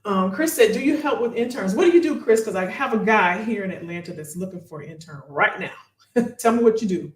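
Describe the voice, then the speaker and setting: A woman's voice: mid-range voice, fairly quick, roomy sound. A woman hosting a live career-advice question and answer stream, talking casually and encouragingly to her viewers. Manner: lively, encouraging, talks to the audience as "y'all".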